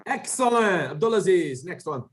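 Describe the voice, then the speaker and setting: Animated, high-pitched male English teacher. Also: moderate pace, a little hiss or hum. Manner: coaching, corrects pronunciation, repeats words; animated, lively intonation. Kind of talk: classroom drill over a video call.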